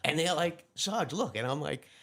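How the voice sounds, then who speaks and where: A man, a retired police lieutenant telling animated anecdotes as an interview guest, acting out the other people's lines as he goes. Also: on the high side. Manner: animated anecdotes with quick quoted dialogue. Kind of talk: casual storytelling interview.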